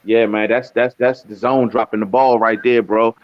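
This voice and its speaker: A man's voice: on the low side, steady tone, normal speed. A man calling in as a guest on a boxing stream, talking in a laid-back way and dropping "man" often. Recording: dull, dry call audio.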